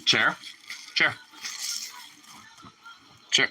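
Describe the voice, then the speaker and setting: Bright-voiced young man, slangy. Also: animated, a little slow, long pauses, low-quality recording. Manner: swearing, slangy, slips into high baby talk with his dogs. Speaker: vlogger. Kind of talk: casual talk to camera and dogs.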